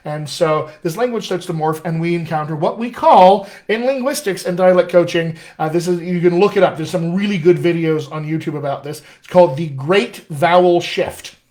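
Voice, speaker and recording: Brief: American man, dialect coach, upbeat live Q&A, voice on the high side. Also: moderate pace, hardly any pauses, darkish tone. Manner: chatty, enthusiastic, reads out viewer questions. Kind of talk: live-stream Q&A lesson.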